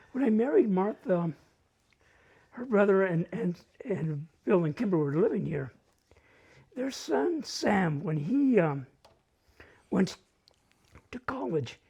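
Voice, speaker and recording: A man from northern New Mexico with a local accent tells family stories at a live community open mic in a library event space. His voice sits high with a breathy edge, and he's animated, acting out relatives' voices and mixing in Spanish phrases as he shares personal stories.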